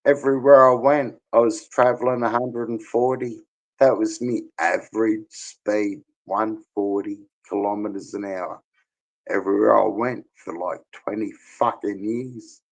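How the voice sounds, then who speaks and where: A man's voice: fairly low pitch, steady tone, unhurried, gravelly, rough recording. A middle-aged Australian man talking crudely and boastfully in casual chat, laughing often. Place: bar.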